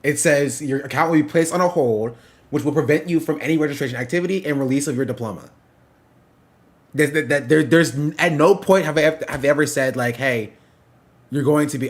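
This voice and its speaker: A young man commenting on clips during a casual live stream, halting and wry, often breaking off mid-sentence. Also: fairly high pitch. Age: young adult. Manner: halting, self-interrupting, wry asides.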